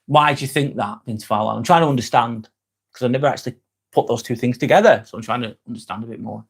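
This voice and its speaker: A man's voice: medium pitch, fast, gravelly, slightly rough. Chatty man reading live comments. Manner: chatty, swears freely, answers viewers by name. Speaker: live-stream host. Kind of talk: casual live-stream chat reading comments.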